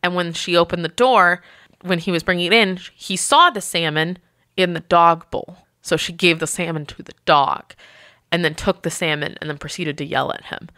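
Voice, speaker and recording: A hotel manager telling work stories in a casual, lively way, often acting out the people she quotes. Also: lowish voice, normal speed, no room sound, studio quality. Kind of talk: casual podcast storytelling.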